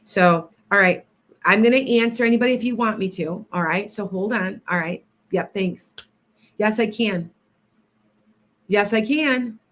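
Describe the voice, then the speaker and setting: A woman's voice: medium pitch, unhurried, a bit bright. A woman hosting a casual livestream as a psychic healer, rambling and chatty as she greets viewers by name between stories.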